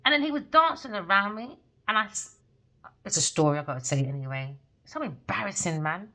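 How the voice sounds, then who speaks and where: A woman rambles through a tarot reading as a story, swearing freely and getting carried away with excitement. Her voice is sharp and bright, and it leaps up and down in pitch. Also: fairly quick, low-quality recording. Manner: excitable, profane, storytelling with laughter. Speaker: tarot reader.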